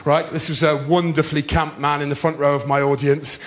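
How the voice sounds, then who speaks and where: Man, stand-up comedian, high voice, theatre stage, storytelling, shouting bursts. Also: level tone, brisk. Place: large theatre stage, audience laughing.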